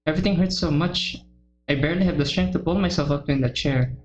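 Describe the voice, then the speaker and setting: A woman's voice: low-pitched, quick pace, darkish tone, soft background music, lightly acted. A woman voicing a shy, intense teenage girl turning vicious while reading a visual novel aloud. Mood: pained.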